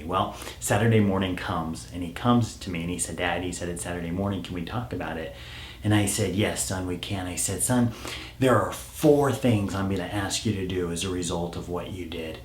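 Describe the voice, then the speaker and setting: A middle-aged man, a parenting coach, telling a family story in a calm storytelling manner and dropping to a hush when he quotes himself. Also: low voice, brisk, echoey room, slight background noise. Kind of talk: storytelling advice talk.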